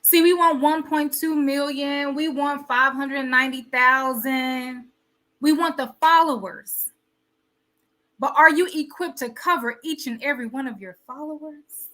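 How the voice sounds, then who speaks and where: Bright, high-voiced woman host preaching. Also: unhurried. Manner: preachy, rhetorical questions and repetition. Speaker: host of a wellness show. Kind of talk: motivational live talk.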